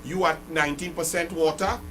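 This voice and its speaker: A man's voice: a little high, steady tone, brisk, pushed and bright, a little hiss or hum. A man with a Trinidadian accent hosting a political call-in radio show, combative and emphatic, hammering points with repeated phrases.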